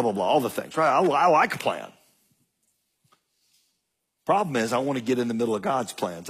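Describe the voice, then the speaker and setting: Middle-aged guy preaching, husky voice, folksy story, jumps up high when he quotes people. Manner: animated, folksy, acts out dialogue with big pitch jumps. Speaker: guest speaker. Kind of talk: sermon storytelling.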